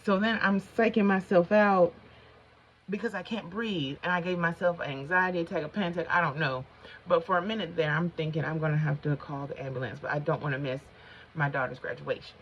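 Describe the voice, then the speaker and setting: A woman's voice: on the low side, steady tone, a little fast, fairly bright tone, slight background noise. Rambling middle-aged woman telling a story. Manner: rambling, easily sidetracked; chatty, colloquial, addresses viewers as y'all. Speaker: vlogger. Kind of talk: casual storytelling while doing makeup. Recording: slightly dull lo-fi sound.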